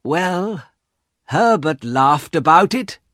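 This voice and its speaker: A man reading an audiobook, voicing an anxious, excitable old woman who speaks in fretful, rising exclamations. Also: on the high side, slow pace, no echo, studio quality, pitched above the performer's own voice.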